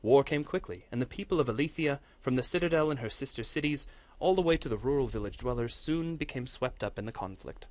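A man's voice: medium pitch, quick pace, no room sound. Man reading a fantasy story aloud. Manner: earnest, steady storytelling with occasional slips. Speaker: course instructor.

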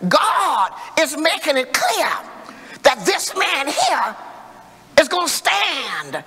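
A man preaching a sermon in call-and-response style, building to emphatic shouts. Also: extremely high pitch, huge pitch swings, slow pace. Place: church sanctuary. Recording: echoey church hall reverb.

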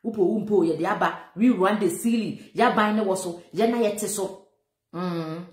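A woman's voice: medium pitch, moderate pace, a little mellow, roomy sound. A Ghanaian woman giving emphatic, mocking commentary on a viral clip, mixing Twi and English. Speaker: social commentator.

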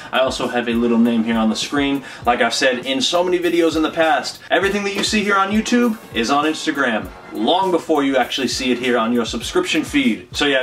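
A man's voice: fairly high pitch, a bit bright, far from the mic. A young man vlogging a sneaker unboxing, chatty and rambling, with emphatic repeats. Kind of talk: casual vlog unboxing. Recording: off-mic with faint music underneath.

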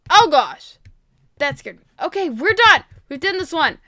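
A young woman playing a game and commentating, excitable and quick to gasp and shriek. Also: extremely high pitch. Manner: excitable, gasps and shrieks often. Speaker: gaming YouTuber. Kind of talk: Minecraft let's-play commentary.

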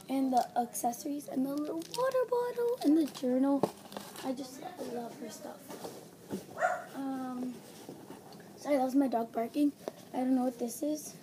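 A female vlogger unboxing at home, gushing and gasping with breathless excitement. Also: high-pitched, moderate pace. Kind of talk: excited doll unboxing vlog. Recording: home recording with background noise.

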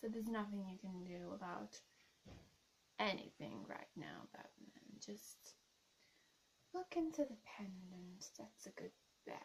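A woman's voice: mid-range voice, sing-song, creaky, slight background noise, full character voice, poor audio. A woman voicing a seductive, scheming female plant villain in a whispered role-play, teasing and blowing kisses. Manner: teasing, flirty, blowing kisses, slow hypnotic coaxing. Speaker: YouTube role-play creator.

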